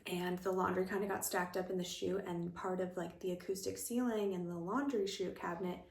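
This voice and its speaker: Gravelly, breathless woman chatting at home. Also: fairly low pitch, fairly even intonation, fairly quick, a little mellow, reverberant. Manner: chatty, rambling, many fillers. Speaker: vlogger. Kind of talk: casual pregnancy vlog chat. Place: room at home.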